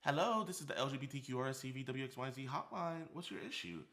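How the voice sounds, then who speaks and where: Gruff hotline operator, curt, deep and quiet, roomy echo, as a man puts him on. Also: expressive, fast.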